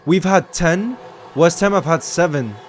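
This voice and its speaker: A man giving excitable live commentary on a football match while greeting viewers in his chat. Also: a little high, unhurried. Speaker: watchalong streamer.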